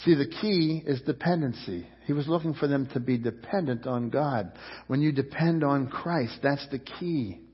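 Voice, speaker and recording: Man, pastor, fervent sermon, repeats words, husky voice, long church reverb, muffled sound. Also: fairly high pitch. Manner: fervent preaching, rising and falling loudness, repeats words. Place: church sanctuary.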